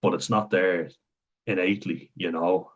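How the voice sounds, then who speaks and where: A man's voice: deep voice, fairly even intonation, normal speed. A young Irish man with a Wexford accent, rambling frankly in a personal vlog monologue, swearing freely and laughing between thoughts. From Ireland. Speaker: vlogger. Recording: dull lo-fi sound.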